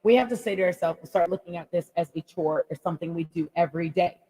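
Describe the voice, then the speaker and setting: A woman life coach giving an animated motivational radio talk, laughing often and acting out little quotes. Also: fairly low pitch, quick pace, husky, big-room sound, poor audio.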